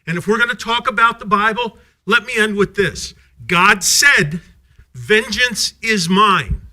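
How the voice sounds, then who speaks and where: A man speaks angrily at a school board public comment period, hurling accusatory questions. His voice is bright and tense, slightly high for a man. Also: normal speed. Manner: angry, accusatory, rhetorical.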